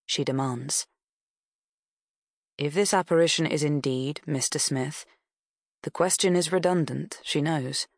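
Woman reading an audiobook, low voice, slow and steady, dry close sound. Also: no room sound. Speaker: audiobook narrator. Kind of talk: scripted audiobook narration.

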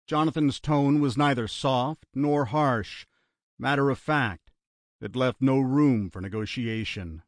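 A man narrating a thriller audiobook in a steady, even voice on a close studio mic. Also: mid-range voice, takes it slowly, dry recording.

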